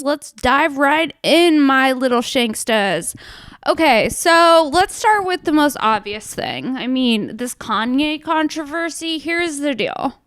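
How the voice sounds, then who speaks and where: A young woman comedian hosting her own show in a casual, profane monologue, swinging between hushed asides and loud outbursts. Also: high voice, animated, takes it slowly, dry recording, faint music behind.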